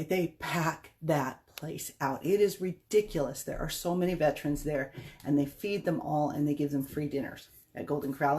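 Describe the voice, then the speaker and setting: A woman's voice: low-pitched, a little mellow. Chatty woman telling a rambling story. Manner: chatty, rambling, self-deprecating. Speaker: vlogger. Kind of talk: casual storytelling monologue.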